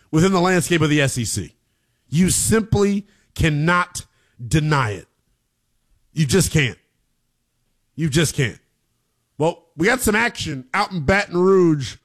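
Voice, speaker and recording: A man hosting a sports talk radio show, emphatic and slangy, with an excitable delivery. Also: fairly high pitch.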